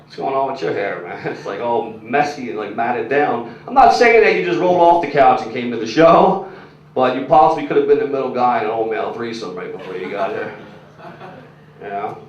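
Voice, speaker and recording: Speaking at a mid-range pitch and slightly quick, a young comedian rambles through a crude stand-up set, chatting with the crowd and leaning heavily on "like" and "you know." The sound is muffled, carries faint background noise, and comes from far back in a reverberant club room.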